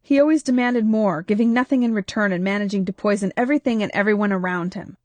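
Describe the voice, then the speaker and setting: A woman voicing a tired, worried husband who talks quietly and soothingly. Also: mid-range voice, fast, dry recording, highs cut off, close to an everyday voice. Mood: bitter. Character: weary worried husband, gentle and protective.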